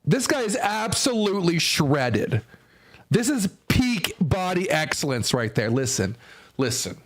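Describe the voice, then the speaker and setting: A young man streaming, giving casual reaction commentary, animated, repeating lines, swearing and laughing often. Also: fairly high pitch, unhurried, soft background music.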